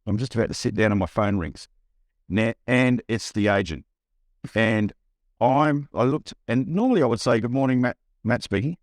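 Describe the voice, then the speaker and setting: A middle-aged man with an Australian accent, a buyer's agent telling a lively story in a podcast interview, acting out the voices he quotes. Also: mid-range voice, moderate pace, no room sound, clean studio sound. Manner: animated, acts out quoted voices, frequent restarts.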